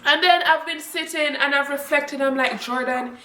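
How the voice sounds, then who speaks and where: Chatty high-voiced woman vlogging at home. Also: moderate pace, reverberant, recorded from a distance, slight background noise. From Jamaica. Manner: chatty, laughs often, swoops up high when excited. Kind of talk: casual chat to camera. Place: room at home.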